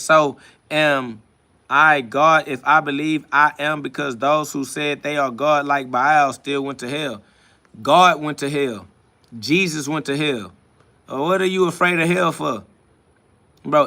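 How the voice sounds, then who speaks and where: A man hosts a livestream and preaches back at chat comments. His voice is gravelly and bright, set a little high for a man. He is defiant and repetitive and laughs often. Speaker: livestream host. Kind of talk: live self-talk stream, reading and answering chat.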